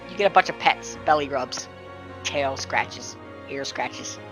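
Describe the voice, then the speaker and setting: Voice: medium pitch, unhurried, music in the background. A game master narrating a tabletop role-playing game, describing scenes at length with frequent ums and uhs.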